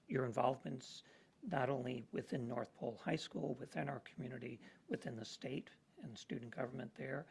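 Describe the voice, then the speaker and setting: A man chairing a school board meeting, speaking in measured remarks with many pauses and fillers. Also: mid-range voice, gravelly, husky.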